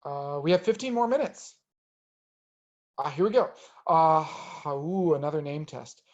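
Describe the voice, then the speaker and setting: Researcher, male, slightly high voice, halting Q&A delivery full of fillers, muffled remote recording. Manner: hesitant, many ums and restarts. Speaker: researcher answering audience questions. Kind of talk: webinar Q&A.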